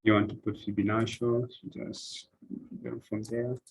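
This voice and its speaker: A man's voice: on the low side, level tone, normal speed, creaky, slightly rough, poor audio. A man explaining a trading platform step by step in a screen-recorded tutorial, with repetitive phrasing and "eh" fillers. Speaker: forex trading instructor.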